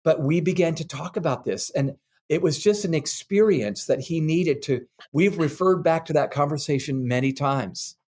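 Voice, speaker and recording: Older guy guesting on a parenting interview, earnest and lively, tells stories with lots of um and you know. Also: fairly high pitch, normal speed. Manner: earnest, animated anecdotes with fillers. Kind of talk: candid interview storytelling.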